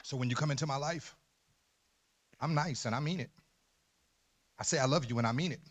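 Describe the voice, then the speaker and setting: A man preaching a sermon as pastor in a church, emphatic, dropping to low murmurs and rising to loud shouts. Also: a little fast. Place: church sanctuary.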